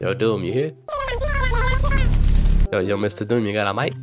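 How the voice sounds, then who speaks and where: A young man narrating his gameplay in a loud, excitable, trash-talking way, full of slang. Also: fairly low pitch, normal speed. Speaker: gaming video creator. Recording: game music underneath.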